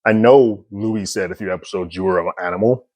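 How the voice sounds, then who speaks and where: A man giving a casual, animated recap and review of a TV episode, chuckling often. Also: fairly low pitch, dry recording. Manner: animated, chuckles often, slips into quick impressions.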